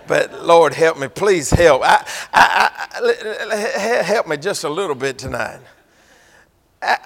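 A man preaching a folksy sermon, swinging from loud to hushed. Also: on the high side, creaky, in a large hall. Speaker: pastor.

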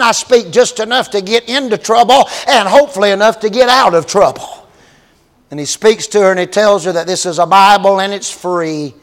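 A man preaching a storytelling sermon, animated and building to shouted exclamations. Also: sits high. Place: large church sanctuary. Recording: long reverb of a large hall.

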